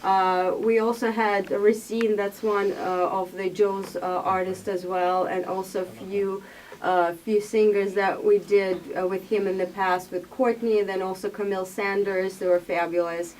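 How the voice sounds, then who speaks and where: A woman's voice: medium pitch, flat delivery, moderate pace, darkish tone, far from the mic, a little hiss or hum, poor audio. A woman whose first language is Russian, talking about her magazine in a radio interview, hesitant and full of fillers. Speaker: magazine editor.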